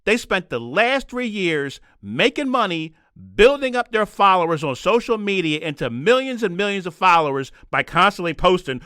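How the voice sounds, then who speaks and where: A high, lively male voice tears through a solo podcast rant, flipping between exasperated sarcasm and open anger. His tone is bright and edgy, and the close mic sounds dry. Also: normal speed, hardly any pauses, smooth, no echo. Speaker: podcast host. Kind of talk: solo political commentary rant.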